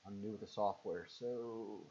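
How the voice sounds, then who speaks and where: A man's voice: fairly even intonation, normal speed, warm tone. Southern-accented man chatting on a live stream. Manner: rambling, answers viewer comments with fillers. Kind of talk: casual live stream chat reading comments. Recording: muffled low-fidelity stream audio.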